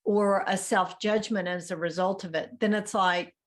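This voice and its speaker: A woman's voice: medium pitch, fairly even intonation, moderate pace. A woman co-hosting a casual spiritual talk over a video call, often agreeing and finishing her partner's thoughts. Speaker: co-host.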